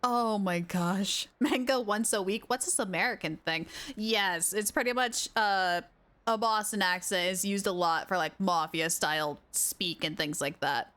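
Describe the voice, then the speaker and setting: Brief: young woman streamer, bright tone, slow unhurried talk, giggly reactions. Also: mid-range voice. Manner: bubbly, laughs a lot, reads dialogue aloud. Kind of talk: live gameplay reaction.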